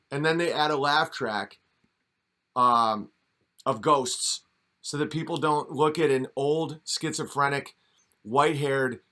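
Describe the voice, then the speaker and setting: A man's voice: mid-range voice, pushed and bright. A man giving a mocking, sarcastic comedic commentary rant while reacting to a video.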